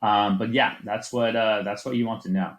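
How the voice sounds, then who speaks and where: A man with a somewhat low voice gives a class lecture. He speaks in a relaxed, loose way, full of fillers and restarts. The room around him is echoey. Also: normal speed. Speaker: teacher.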